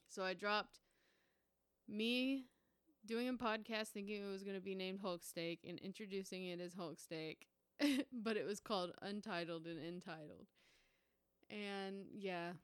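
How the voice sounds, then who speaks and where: A young woman from the United States hosting her own podcast, telling a story in a casual, profane, animated way. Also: mid-range voice, clean tone, no room sound. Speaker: podcast host.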